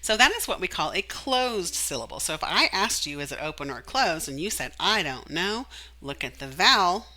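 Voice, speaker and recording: A woman teacher explaining a reading method, animated, singing the letters and acting out the sounds. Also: low voice, rough recording. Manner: animated, demonstrates sounds and sings.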